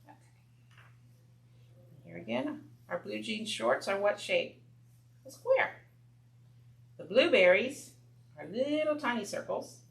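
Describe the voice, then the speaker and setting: A woman talks young children through coloring and shapes in a slow, patient classroom voice. Her pitch moves up and down a lot, with a gravelly edge on low notes. The sound is echoey, with a faint hum underneath. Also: expressive. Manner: gentle, patient, explains step by step. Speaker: children's program presenter. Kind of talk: slow, clear teaching for young kids.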